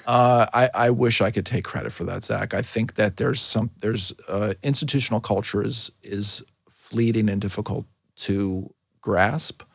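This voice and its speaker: A middle-aged man, a medical school dean and liver doctor, speaking thoughtfully in a casual interview with many pauses and restarts. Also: fairly low pitch, creaky, no room sound, clean studio sound. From New York City.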